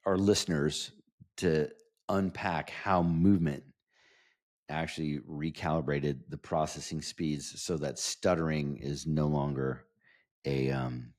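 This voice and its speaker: A man with a very low, deep voice hosts a casual podcast interview. He talks with gushing enthusiasm, often stumbling and restarting his phrases as he goes. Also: darkish tone. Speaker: podcast host.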